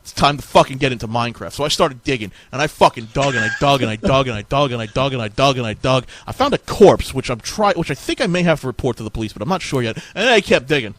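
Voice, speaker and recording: A man's voice: mid-range voice, animated, fast, hardly any pauses, fairly bright tone, dry recording. A man telling improvised, absurd stories in a rambling, profane way.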